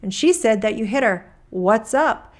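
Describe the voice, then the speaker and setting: Reading a court transcript, a woman with a slightly high, animated voice speaks at a measured pace. She plays a male witness in a deposition who rambles casually and keeps restarting sentences.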